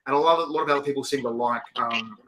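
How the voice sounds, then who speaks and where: A man's voice: mid-range voice, rapid-fire, sharp tone, a little hiss or hum. A man with an Australian accent hosting a casual live-stream interview, chatty and slangy, laughing often. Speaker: host.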